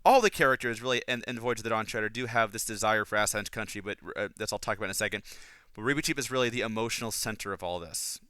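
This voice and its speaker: Eager guy rambling about books on his podcast, bright crisp voice, lots of restarts. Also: lowish voice, fast, no room sound. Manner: enthusiastic, rambling, many restarts. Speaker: podcast host. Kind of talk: casual book and film analysis.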